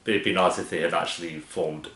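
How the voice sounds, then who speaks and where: A man's voice: low-pitched, steady tone, a bit bright, roomy sound. A man hosting a TV reaction, chatting casually and mocking what he watches. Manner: sarcastic, chatty, quick to mock. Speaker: TV reaction host.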